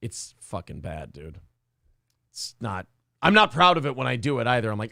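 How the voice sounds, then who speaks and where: Male host, gravelly, crude and self-mocking, dry close sound. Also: medium pitch, big pitch swings, moderate pace, sharp tone, no echo. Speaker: morning show host reading live chat. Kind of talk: casual profane chat.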